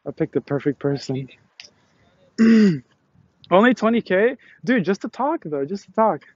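A man's voice: high-pitched, big pitch swings, measured pace, slightly rough, dry recording, muffled recording. A young man livestreaming outdoors on a selfie stick, hyped and laughing, sweaty and out of breath as he walks. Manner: hyped, laughing, talks to passersby. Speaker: streamer. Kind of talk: walking livestream chat. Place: outdoors, on a campus. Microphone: phone on a selfie stick.

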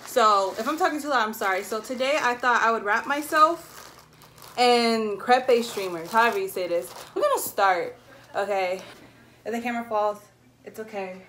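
A woman vlogger chatting casually and talking at the camera, chatty and self-mocking, quick to apologize. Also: fairly high pitch, pushed and bright, a little hiss or hum. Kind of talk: casual vlog chat.

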